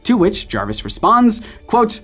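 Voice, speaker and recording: A male video-essay host delivers scripted commentary with a lively, swooping pitch. His manner is playful and self-mocking. Faint music plays beneath him. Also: unhurried, breathy edge.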